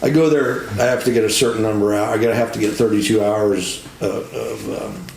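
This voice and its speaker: A man talking as an interview guest, relaxed and plain-spoken, trailing off at times. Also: on the low side, brisk, gravelly. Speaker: interview guest, ride inspector. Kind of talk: casual interview chat. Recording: roomy with faint noise.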